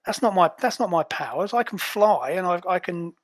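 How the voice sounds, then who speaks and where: A man voicing a flustered female superhero agent, talking fast and indignant in a raised voice. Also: sits high, lively intonation. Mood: indignant exasperated.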